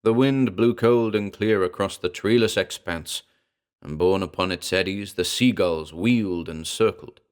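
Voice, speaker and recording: A man's voice: deep voice, measured pace, clear, resonant tone. A man narrating a pulp horror parody as an audiobook reader, with dramatic, wry storytelling.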